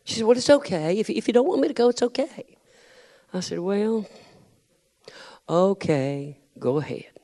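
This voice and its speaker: A middle-aged man, preaching a sermon, telling a family story and building up to shouted challenges. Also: high-pitched, expressive, moderate pace, pauses often.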